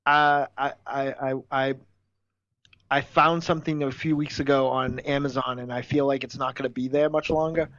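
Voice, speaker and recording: A man's voice: mid-range voice, level tone, normal speed, a bit bright, dry recording, lo-fi sound. A man co-hosting a casual podcast chat who swears often and argues his point hard. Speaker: podcast co-host.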